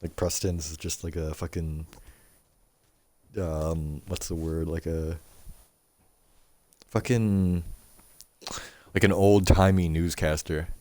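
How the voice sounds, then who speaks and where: Male game streamer, casual rambling chat, swears a lot, unhurried delivery. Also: low voice, steady tone, darkish tone, no echo. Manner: profane, rambling, laughs at himself.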